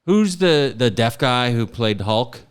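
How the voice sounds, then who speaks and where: A man's voice: medium pitch, lively intonation, slow pace, smooth. A man hosting a comedy podcast, telling rambling stories with restarts and frequent laughs. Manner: rambling storyteller, trails off and restarts, laughs a lot. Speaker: podcast host. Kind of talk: casual comedy chat.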